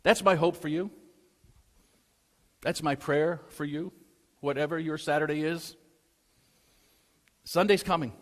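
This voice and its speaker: A man preaching a sermon and telling a story. His voice swings between loud, urgent pleas and hushed, quiet lines. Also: a little high, steady tone, measured pace, pauses often. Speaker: pastor. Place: church sanctuary. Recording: long church hall reverb.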